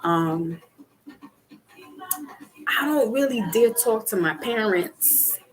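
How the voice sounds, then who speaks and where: Chatty woman host, lively pitch. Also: takes it slowly, low-quality recording. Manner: chatty, laughs often, acts out quotes. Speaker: livestream host. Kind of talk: casual chat with live viewers.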